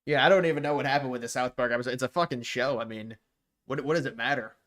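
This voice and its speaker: An American man hosts a casual livestream, answering chat messages as they come in. His voice has a bright edge, and he thinks out loud in loose, rambling commentary. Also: mid-range voice, quick pace. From United States. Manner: rambling, thinking aloud with frequent restarts. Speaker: livestream host.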